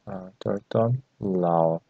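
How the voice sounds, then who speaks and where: A man teaching a language lesson, repeating phrases and pausing on fillers as he explains. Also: sits low, vocal fry, dry recording. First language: Turkish. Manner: halting and repetitive, many fillers. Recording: dull lo-fi recording.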